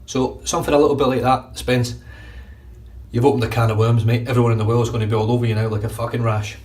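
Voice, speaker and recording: A man putting on an exaggerated, nasal Glaswegian accent to play a brash, excitable Glasgow man. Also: fast, distant mic, close to an everyday voice. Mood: teasing. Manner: loud, high and pushy.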